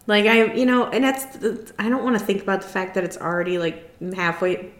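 Woman co-host, loose chatty recap talk, mid pitch, roomy echo. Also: a little fast. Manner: chatty, laughs often, many fillers. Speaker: podcast co-host. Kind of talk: casual recap chat.

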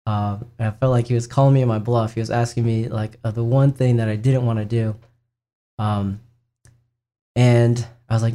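A man's voice: mid-range voice, level tone, normal speed, dark tone. A young man sharing a personal faith testimony in a casual, earnest way, with frequent fillers and restarts. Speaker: speaker sharing his faith and vocation story.

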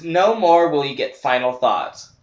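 Slow, easygoing male podcast host. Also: on the high side. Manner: relaxed, rambling with fillers. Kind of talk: casual chat. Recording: roomy, slightly dull home podcast audio.

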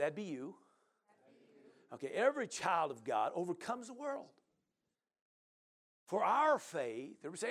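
A man preaching with a high, lively voice that swings widely in pitch. He talks back and forth with the congregation, and his delivery climbs to shouted, exclaiming peaks. His preaching is full of "amen" and "hallelujah.". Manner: chats with the congregation and asks members questions. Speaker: pastor. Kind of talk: sermon.

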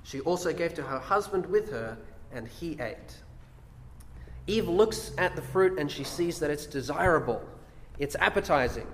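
A man's voice: a little high, slight background noise. Preaching man in an echoey hall. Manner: explains verses, reads aloud, rhetorical questions. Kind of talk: sermon on scripture. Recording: echoey hall with long reverb.

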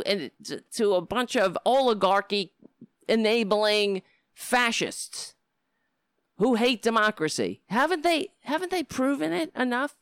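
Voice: mid-range voice, a bit bright, clean tone, dry recording, studio quality. A middle-aged livestream host talking straight to viewers, ranting in a heated, profane way and sometimes slipping into easygoing chat. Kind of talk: casual livestream talk.

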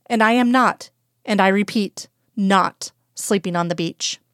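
A woman's voice: mid-range voice, unhurried, a bit bright, no echo, clean studio sound, lightly acted. A woman reading a wry, anxious woman agent. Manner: pleading, whispering, then wry and tart. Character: dry-witted woman agent, anxious and stubborn.

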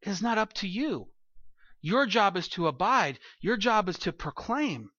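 A male pastor preaching a sermon at the front of a church, animated and conversational, slipping into quoted voices to make his points. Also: high voice, measured pace, dry recording. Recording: dull lo-fi recording.

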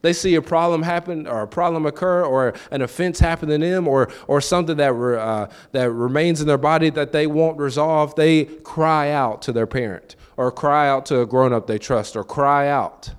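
Preaching in a relaxed, conversational style, a man questions his listeners, repeats words, and performs quoted voices. His voice is fairly high and clean in tone, at a moderate pace with few pauses.

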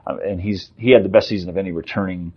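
Deep, husky and steady in tone, this fiftysomething sportswriter guest speaks quickly and off the cuff in a laid-back sports interview. He uses frequent fillers and restarts, and the sound is lo-fi.

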